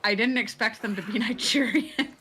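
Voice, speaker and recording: A woman's voice: on the high side, moderate pace, pushed and bright, slight background noise. A woman chatting casually as a co-host, telling a story with plenty of swearing and laughter. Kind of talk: casual chat.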